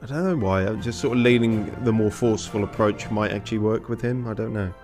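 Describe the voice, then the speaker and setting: A man with a fairly low voice reads game dialogue aloud in hammy, mock-pompous voices. He drops out of them to swear and joke with his viewers. Faint music runs underneath. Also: a little fast, a little mellow. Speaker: streamer playing a game.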